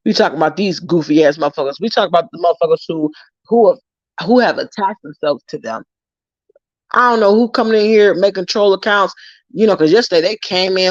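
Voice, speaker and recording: A woman's voice: on the low side, big pitch swings, a little fast. A woman ranting at her livestream viewers, profane and confrontational and hammering every point. The sound is dull and lo-fi, and dry with no room echo. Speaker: YouTuber livestream host.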